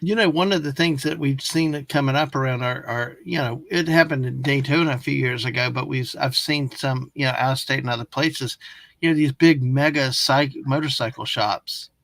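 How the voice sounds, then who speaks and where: A man's voice: mid-range voice, normal speed, gravelly, a bit bright, no room sound. A man co-hosting a livestream, chatting easily and agreeing, reading out viewer comments. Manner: easygoing, agreeable, with short affirmations. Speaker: co-host reading chat comments. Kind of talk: casual livestream chat.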